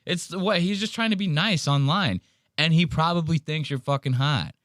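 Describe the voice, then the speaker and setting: A man's voice: a little high, lively intonation, normal speed, fairly bright tone, dry recording, studio quality. A man hosting a podcast, reacting to clips in a casual, profane, wry way. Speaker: podcast host.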